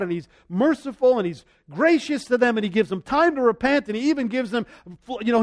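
A man preaching a sermon as pastor, animated, swinging between loud passages and soft ones, acting out the voices he quotes. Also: high voice.

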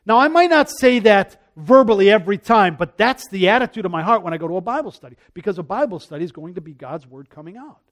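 A man preaching a conversational sermon as a pastor, earnest, repeating his phrases and dropping to a hush when he voices prayers. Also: high voice, lively intonation, fast talker, hardly any pauses.

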